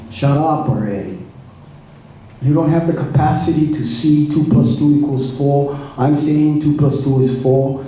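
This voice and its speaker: A man's voice: medium pitch, dark tone. A man giving exasperated, argumentative public testimony at a planning meeting. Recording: echoey meeting room from far off.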